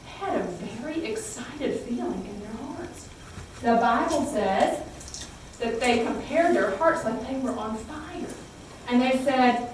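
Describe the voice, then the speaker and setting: A woman teaching children a Bible story, animated and exclaiming, coaxing the children to repeat lines after her. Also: fairly high pitch, measured pace, a little hiss or hum. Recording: echoey room, heard from far off.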